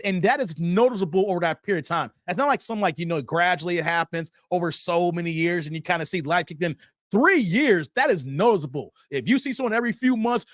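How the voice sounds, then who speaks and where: A man's voice: sits high, no echo. A man hosting a livestream from his basement studio, reading viewer comments aloud and joking back at them with frequent laughter. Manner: animated, joking, laughs often, talks back to chat. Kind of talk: casual livestream chat.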